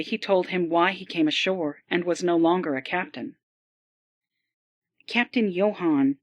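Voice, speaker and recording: A woman narrating an adventure audiobook in a slow, deliberate reading style. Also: on the low side, no room sound. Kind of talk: scripted narration.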